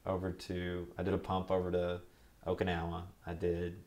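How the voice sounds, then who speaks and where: A young man, a Marine veteran, telling his service stories in an oral history interview in a relaxed, rambling way. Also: deep voice, normal speed.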